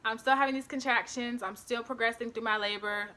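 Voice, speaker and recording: Bright young woman telling an emotional story. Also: a little high, steady tone, a little fast. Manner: emotional, often near tears, with many fillers. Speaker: beauty vlogger. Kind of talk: personal storytime vlog.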